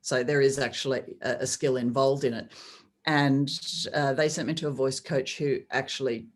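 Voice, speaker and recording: Australian woman sports presenter, really deep voice, measured and thoughtful, laughs easy. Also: darkish tone. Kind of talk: podcast interview.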